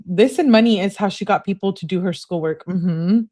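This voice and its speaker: A woman's voice: medium pitch, normal speed, few pauses, warm tone. A woman hosting a live reading, with exasperated, sarcastic comments between passages. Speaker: channel host.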